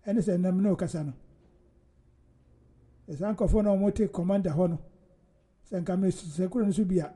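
A man's voice: high voice, brisk, long pauses, mellow, slightly rough. A man hosting casual political commentary, rambling and emphatic, with frequent laughter.

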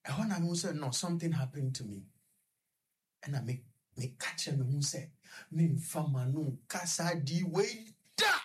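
Husky Ghanaian man telling his story. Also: a little high, expressive. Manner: halting, rambling, many fillers and restarts. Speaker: guest recounting his experience. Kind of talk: personal story on a radio talk show, code-switching.

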